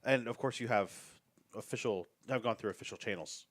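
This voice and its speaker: A man's voice: fairly low pitch, lightly acted. A man voicing a formal, wary German male office manager with a German accent, in a tabletop role-play. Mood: guarded. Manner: measured, guarded and polite.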